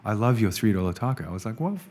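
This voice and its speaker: Australian male podcast guest, casual and lively, full of anecdotes. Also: on the low side, rapid-fire. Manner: animated storyteller, says "man" often. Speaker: restaurant executive guest.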